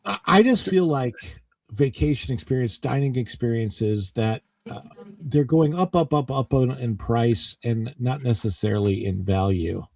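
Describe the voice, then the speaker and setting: A man's voice: mid-range voice, unhurried, a little mellow. A man hosting a podcast and steering the talk between guests. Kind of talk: casual podcast chat.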